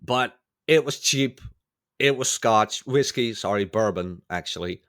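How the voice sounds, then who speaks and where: As a podcast guest recovering from a cold, a man spins stories in casual conversation. He talks a little slowly in a lowish, fairly bright voice, wandering off track, correcting himself, and performing the voices of the people he quotes.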